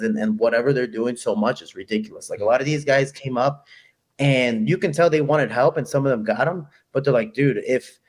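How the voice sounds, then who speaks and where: A young man from Chicago, a fighter being interviewed, telling stories in an animated, quick, casual way and acting out what people said. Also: mid-range voice. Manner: animated, quick, acts out quoted voices. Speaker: guest fighter.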